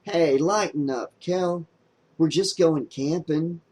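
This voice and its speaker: A man doing a smooth, easygoing young guy. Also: a little high, takes it slowly, darkish tone. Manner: smooth, casual and lightly raised. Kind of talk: audiobook character voice.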